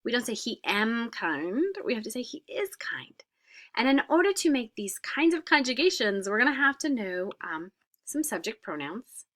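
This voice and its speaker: A woman's voice: on the high side, lively intonation, a little fast, fairly bright tone. A woman French teacher explaining grammar in a recorded lesson, patient, with frequent "uh" fillers and whispered examples.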